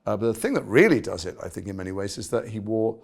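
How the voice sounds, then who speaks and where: A British actor telling stories in an interview, animated and self-mocking. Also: male voice, lowish voice, fast, creaky. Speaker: actor guest. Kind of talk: conversational interview.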